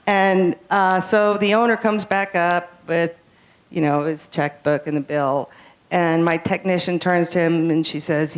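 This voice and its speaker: A woman tells a story on a small club stage, her voice sitting a little low. She talks slowly, halting and filling gaps with ums. She sounds slightly nervous. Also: fairly even intonation. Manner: hesitant, many ums, nervous. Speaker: open mic comic, veterinarian. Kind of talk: stand-up storytelling.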